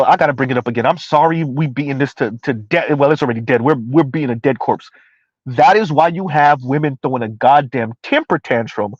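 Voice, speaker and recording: A man's voice: on the high side, dry recording. Ranting streamer man, emphatic and repetitive. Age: under 41. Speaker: live-stream commentator. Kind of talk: casual live-stream commentary. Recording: dry, slightly dull lo-fi sound.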